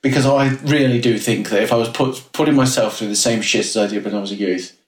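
A man's voice: lowish voice, steady tone, quick pace, roomy sound, recorded from a distance. A man hosting a podcast in a laid-back, casual chat, laughing easily and swearing now and then. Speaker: podcast host.

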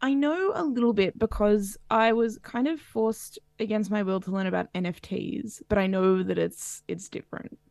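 A woman's voice: medium pitch, moderate pace, creaky, hardly any pauses, darkish tone, no room sound. A woman co-hosting a podcast, chatting casually in a wry, joking way. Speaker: podcast co-host. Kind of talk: casual chat. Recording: dry close-mic sound.

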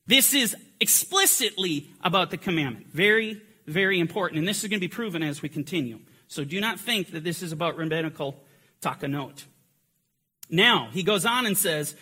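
A man with a high-sitting, expressive, slightly rough voice teaches a Bible lesson at normal speed. He speaks emphatically in this lecture, pushing his points harder and harder until they land in forceful climaxes.

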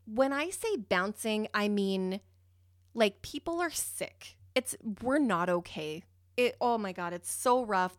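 Animated, profane woman telling a story. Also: no echo, clean studio sound. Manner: animated, profane, self-mocking, swings in pitch and volume. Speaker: podcast host. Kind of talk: casual storytelling monologue.

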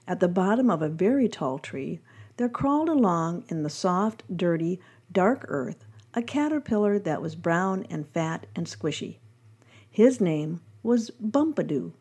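Woman reading a devotional podcast, gentle storybook telling, mellow voice. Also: mid-range voice, breathy edge.

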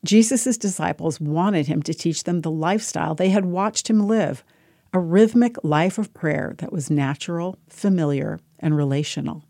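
A woman hosting a short devotional program, reading a scripted reflection in a calm, measured way. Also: lowish voice, vocal fry, no echo. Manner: calm, measured reading over soft music. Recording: dry studio voice-over with faint music.

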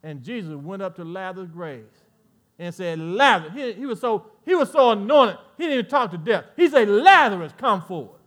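A man preaching a sermon as pastor, swinging between quiet asides and loud, rising exhortations. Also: high-pitched, lively intonation, a little fast. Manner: preaching with swells of volume and playful asides to the congregation.

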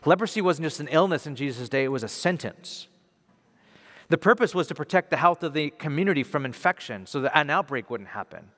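A male pastor giving a conversational sermon, animated, then dropping softly for emphasis. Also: a little high. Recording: reverberant hall.

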